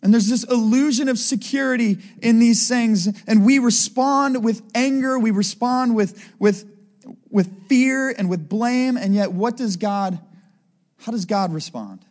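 A man's voice: very high-pitched, unhurried, darkish tone. A man giving a conversational sermon, often asking his listeners "right?" as he teaches. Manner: conversational preaching, asks the crowd "right?" often. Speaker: preacher.

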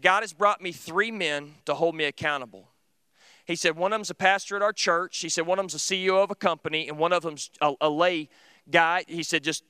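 A man's voice: fairly high pitch, sharp tone, smooth, dry recording. A middle-aged man preaching a sermon in an earnest, conversational, storytelling way. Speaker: teacher.

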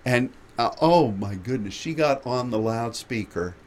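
A man hosting a radio show, telling a lively travel anecdote with laughter. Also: mid-range voice, measured pace. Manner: animated anecdote with frequent laughter. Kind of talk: storytelling chat.

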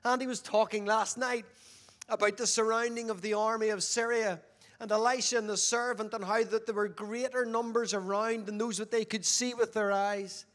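Brief: a man delivering a sermon, fairly high voice, engages listeners with questions, shifts from forceful to hushed. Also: fairly even intonation, moderate pace. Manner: questions the audience, swings between loud emphasis and quiet. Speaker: preacher.

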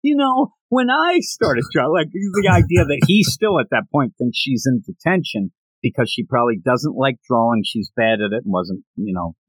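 A man co-hosting a podcast, chatting casually about a manga and acting out scenes with lively pitch jumps. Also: dry recording. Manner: animated, quick shifts of pitch when acting out scenes. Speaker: podcast co-host. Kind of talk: casual manga review chat.

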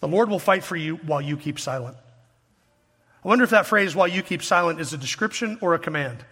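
A man's voice: a little high, animated, quick pace, fairly bright tone, slightly rough, in a large hall. A man preaching an expository sermon, reading scripture aloud and pressing his points with earnest rhetorical questions. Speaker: pastor.

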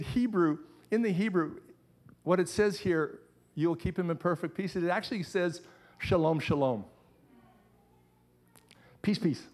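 Middle-aged pastor guy preaching, earnest, says things twice, voice a bit high. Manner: earnest preaching with repeated phrases. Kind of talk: sermon.

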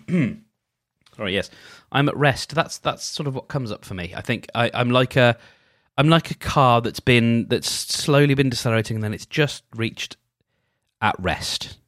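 A man hosting a solo podcast, leading a gentle, halting, reflective check-in with frequent restarts. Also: medium pitch, expressive, dry recording, clean studio sound. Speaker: podcast host.

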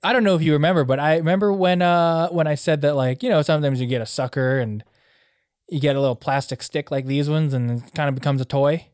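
A man's voice: on the high side, fast talker, a little mellow, clear, resonant tone, no echo, studio quality. A young man co-hosting a podcast, chatting casually and often stumbling over and repeating his words. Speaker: podcast co-host. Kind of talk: casual chat.

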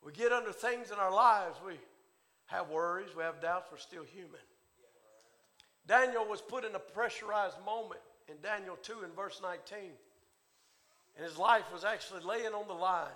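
Male preacher, high bright voice, rhythmic sermon delivery that climbs from hush to shout. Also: moderate pace. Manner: swings from hushed to shouting, rhythmic preaching cadence. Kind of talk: Pentecostal-style sermon.

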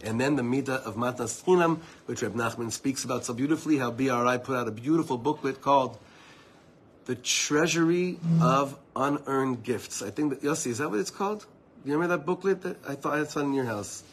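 Guy teaching torah to a small group, earnest storytelling, normal pitch, bit of faint noise behind. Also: fast. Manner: earnest, personal storytelling with asides to listeners.

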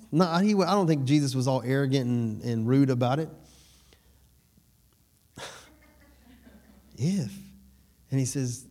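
A man's voice: medium pitch, measured pace, pauses often, mellow. A man preaching a sermon in a conversational way, laughing between points and asking the room if they follow. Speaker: pastor.

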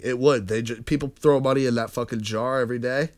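A man's voice: mid-range voice, steady tone, quick pace, hardly any pauses. A man co-hosting a podcast, reading listener comments aloud and joking in casual chat. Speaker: podcast co-host.

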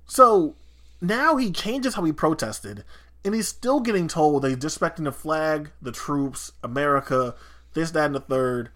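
Podcast co-host, male, fired-up rambling rant, bright forward voice. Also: on the high side, lively intonation, moderate pace. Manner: heated, swearing, rambling with restarts. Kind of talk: casual chat.

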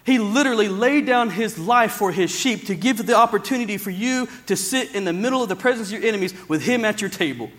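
A man's voice: sits high, lively intonation, fast talker, hardly any pauses, fairly bright tone. A man pastor preaching a sermon in church, emphatic and repetitive, often restarting his words. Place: church service, also streamed to another campus.

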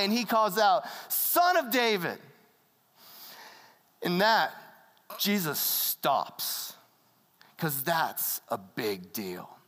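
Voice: medium pitch, a bit bright. A preacher giving a sermon in a casual, conversational storytelling manner, acting out quoted voices. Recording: long hall reverb.

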